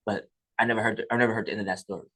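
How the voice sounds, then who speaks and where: A podcast host retells stories at a quick pace. His voice is low, and his manner is relaxed and rambling. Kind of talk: casual chat.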